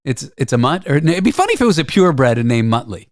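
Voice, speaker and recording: A man's voice: medium pitch, big pitch swings, fast. A Canadian man hosting a radio show, chatting casually and explaining at length with small hesitations. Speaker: radio host.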